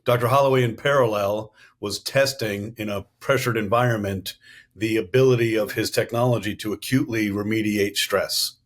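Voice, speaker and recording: A man's voice: on the low side, fairly even intonation, moderate pace. A middle-aged man from the US East Coast, telling stories in an earnest, businesslike way as a podcast guest. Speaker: guest, company CEO. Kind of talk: storytelling interview answers.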